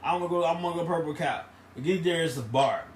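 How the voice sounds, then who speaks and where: On a casual podcast, a male co-host rambles through stories in relaxed chat and keeps repeating his phrases. He talks fast in a slightly high voice, sitting far from the mic in an echoey room with faint noise.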